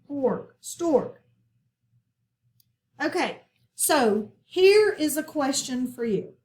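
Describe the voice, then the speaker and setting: A woman's voice: sits high, darkish tone. A woman teaching a recorded phonics lesson, patient and checking in often with her listeners.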